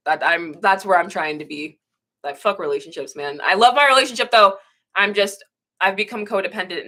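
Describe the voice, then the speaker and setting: A woman's voice: mid-range voice, sharp tone. A young woman in her twenties chatting casually on a livestream, reading viewer comments, blunt and swearing freely, often restarting her sentences.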